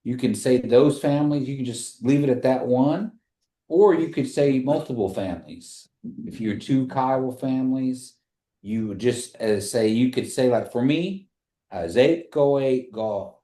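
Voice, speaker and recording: Man, language teacher, patient, repeats phrases slowly, mid-pitched voice, echoey classroom. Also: mellow. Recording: echoey room.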